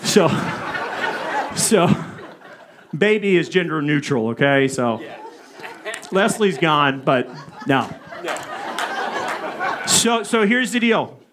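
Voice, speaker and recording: A male preacher telling a personal story in a sermon, animated and speaking asides to his listeners. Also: fairly high pitch, takes it slowly, pauses often, crowd noise, background noise. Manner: animated, acts out quoted voices, asides to the audience.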